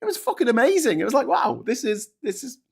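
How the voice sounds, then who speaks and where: A man's voice: very high voice, sing-song, quick pace, vocal fry, slightly rough. A man hosting a heated, sweary monologue, often stumbling over words and restarting. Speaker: host. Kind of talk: ranting monologue.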